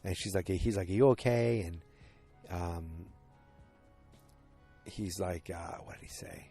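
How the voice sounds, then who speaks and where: A man's voice: deep voice, level tone, takes it slowly, a little mellow, breathy edge, soft background music. A man hosting a podcast, casually recapping a TV episode in a rambling way, correcting himself often. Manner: rambling, self-correcting, many fillers. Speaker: podcast host.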